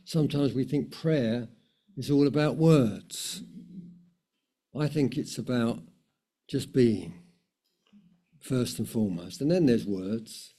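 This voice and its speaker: Preacher, chatty sermon, very dark mellow voice, repeats himself. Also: male voice, medium pitch, takes it slowly, pauses often. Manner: warm, conversational, with many fillers and repetitions.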